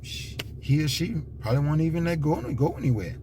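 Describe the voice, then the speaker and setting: A man's voice: fairly high pitch, lively intonation, normal speed, dark tone, a little hiss or hum. A man giving an unscripted monologue, rambling and repetitive, with emphatic restarts and many fillers. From United States. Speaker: commentator.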